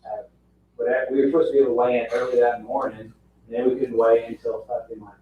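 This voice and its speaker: Male, casual talker, quick interjections, far from mic, heavy room echo, muffled. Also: mid-range voice, level tone, a little hiss or hum. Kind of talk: casual chat. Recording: very echoey, distant, muffled audio.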